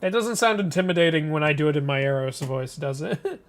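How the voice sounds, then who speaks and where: High and expressive, this man's voice runs a little fast. He's reading a webcomic live for a stream, keeping things chatty with frequent laughs and jokes about the story.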